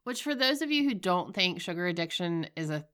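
A woman's voice: fairly low pitch, sing-song, brisk, a bit bright, clear, resonant tone. A woman in her forties hosting a casual solo podcast, sounding stuffy and nasal, talking candidly, swearing and laughing at herself as she tells stories. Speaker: podcast host.

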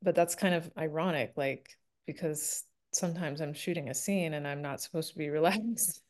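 A woman's voice: low-pitched, normal speed. A woman chatting casually as an interview guest, giggly and full of fillers. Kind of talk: casual chat.

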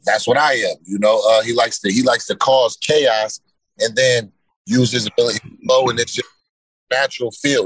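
A man's voice: medium pitch, a bit bright, husky, no room sound, low-quality recording. A man in a casual interview, talking laid-back and often asking "you know what I mean". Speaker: guest fighter.

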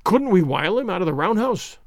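A man's voice: sits high, sing-song, fairly quick, no room sound, clean studio sound. A man reading an audiobook, voicing an eager, treacherous ship's officer plotting an ambush.

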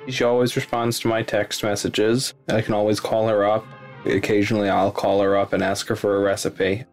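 A young man casually interviewing his grandmother, asking relaxed, prompting questions. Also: fairly low pitch, fairly quick, faint music behind.

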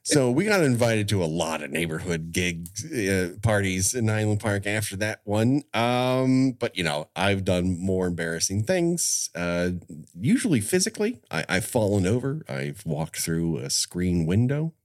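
Low-voiced and animated, a middle-aged man chats casually on his podcast, unhurried and with few pauses. His explanations run long and are marked by frequent restarts.

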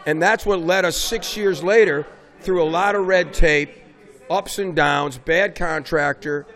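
Middle-aged coach, high-pitched, animated storyteller who punches key words. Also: male voice, a little slow. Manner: animated storyteller, raises voice for emphasis. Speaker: basketball coach, guest. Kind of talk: casual interview conversation.

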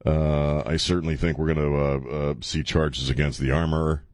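A man's voice: very deep voice, level tone, normal speed, dry recording, studio quality. A man hosting a talk radio show, rambling and joking with frequent laughs and filler stumbles. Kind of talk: casual talk radio monologue.

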